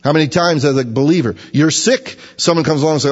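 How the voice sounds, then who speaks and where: A preacher delivers a sermon, teaching through a Bible passage in a folksy, conversational manner. His voice is fairly high, fast, and husky. The lo-fi recording carries a long hall reverb.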